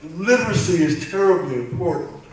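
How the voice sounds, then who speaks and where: An older man, slightly higher-pitched than most, spins loose anecdotes on a convention panel, acting out bits of quoted dialogue as he goes. His voice booms around a very echoey hall and sounds distant from the microphone. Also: normal speed. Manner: animated, acts out quoted dialogue, rambling restarts. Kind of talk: anecdotal storytelling to a live audience.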